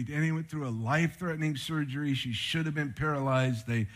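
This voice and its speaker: A man preaching a sermon with slides, telling stories in an animated, conversational way. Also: a little high, a little fast, hardly any pauses. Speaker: pastor.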